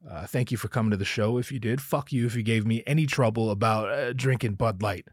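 A man's voice: fairly low pitch, fairly quick, husky, dry recording. Guy ranting solo on his podcast, swears a lot, jokey, dry close sound. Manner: profane, joking, riffing with self-interruptions. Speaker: podcast host. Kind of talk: casual solo podcast rant.

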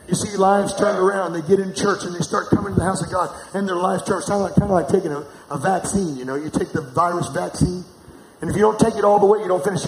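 A man's voice: sits high, darkish tone. A middle-aged man preaching a sermon, calling on the congregation to answer back. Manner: preaching with call-and-response to the congregation. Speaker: pastor. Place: large church hall. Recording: echoey church hall with noise.

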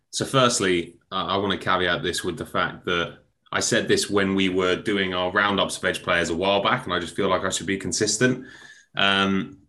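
A man with a bright, forceful, fairly low voice talks through his views on a sports podcast. He hesitates often, filling gaps with ums and restarting his sentences. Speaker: podcast co-host. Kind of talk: casual sports discussion.

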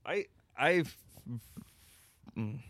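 A man's voice: on the high side, animated, drawn-out words, a bit bright, no echo, clean studio sound. A man co-hosting a podcast, telling rambling stories full of swearing in casual chat. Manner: profane, rambling storytelling. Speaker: podcast co-host.

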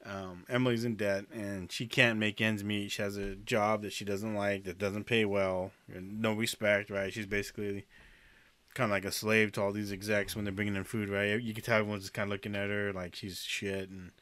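A man's voice: on the low side, bright, forceful tone, dry recording. A man co-hosting a casual movie review chat in a laid-back, hedging way. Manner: laid-back, hedging, says kinda and like a lot. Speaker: podcast co-host.

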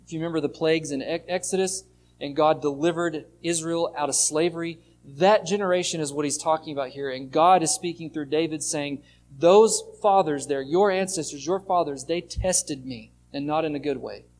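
A man pastor preaching a sermon in a conversational way, reading scripture aloud and swinging between loud and soft. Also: on the high side, moderate pace, slight background noise. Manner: conversational preaching, reads scripture aloud with lively shifts in loudness.

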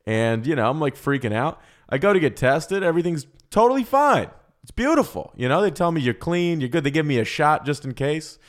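Young man, podcast host, casual comedy chat, brash, crude jokes, middle pitch. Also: fairly quick, hardly any pauses. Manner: loud, hyped-up and crude, joking.

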